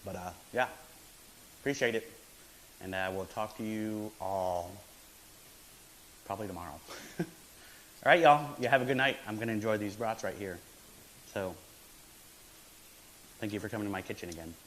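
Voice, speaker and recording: A man's voice: fairly low pitch, moderate pace, long pauses, fairly bright tone, a little hiss or hum, poor audio. A man hosting a casual home cooking stream from his apartment kitchen, chatty and laid-back, laughing often. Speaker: host of a home cooking show.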